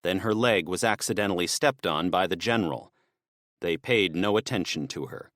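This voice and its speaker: His voice sits low as he narrates an audiobook from a script, keeping things steady and measured. There's no room sound, just clean studio audio.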